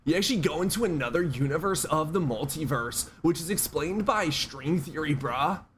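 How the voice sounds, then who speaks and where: A man's voice: fairly high pitch, expressive, moderate pace, a bit bright, slight background noise, voice pushed up. A dreamy, smug stoner guru bro, as a man puts him on. He drawls in a raised, lilting voice that swings up and down, and he slips "bruh" into everything. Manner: drawling, mocking, says bruh.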